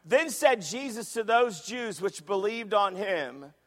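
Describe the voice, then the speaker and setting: A man's voice: high voice, animated, slow pace, big-room sound. A man preaching a sermon as pastor, emphatic, repeating phrases and asking the congregation questions. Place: church sanctuary.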